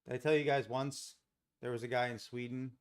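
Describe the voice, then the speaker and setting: A man from Los Angeles hosting a live day-trading stream, chatting casually with viewers in a relaxed, rambling way and chuckling often. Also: medium pitch, brisk, smooth. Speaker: day trading livestream host. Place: home trading setup.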